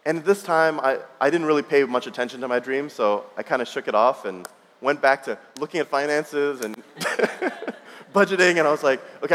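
A man's voice: mid-range voice, a bit bright. A man in his thirties preaching a sermon, telling a personal story in a conversational way with frequent restarts. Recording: long reverb of a large hall.

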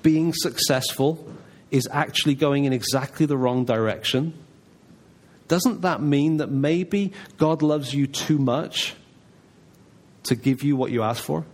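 Preaching in a church, a man with a mid-range voice speaks at a measured pace in a conversational, emphatic style. When he gives God's replies, he voices them softly.

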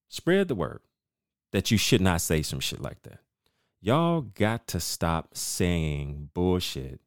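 A middle-aged man hosting a podcast, telling a story in an animated, emphatic, profane rant. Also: low-pitched, smooth, no room sound, clean studio sound. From United States. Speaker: podcast host. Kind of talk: casual rant monologue.

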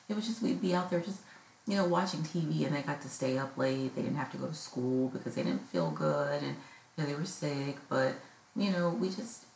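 A mother in middle age talks through her feelings about her children growing up, heartfelt and full of fillers. Her voice sits extremely low with a gravelly fry. The room is echoey, with a faint hiss of noise behind her. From United States. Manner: heartfelt, rambling with many fillers. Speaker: podcast host. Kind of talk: personal reflective monologue.

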